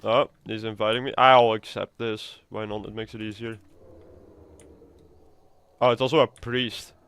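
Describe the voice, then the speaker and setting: A man's voice: fairly low pitch, little pitch movement, unhurried, vocal fry, fairly bright tone, smooth, no room sound. A man giving casual, rambling gameplay commentary, swearing now and then. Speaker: gamer.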